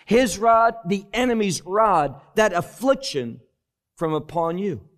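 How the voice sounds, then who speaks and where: Man, preacher, Bible teaching sermon, emphatic, slow delivery, lively intonation. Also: high-pitched. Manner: slow, emphatic, explains Hebrew words verse by verse.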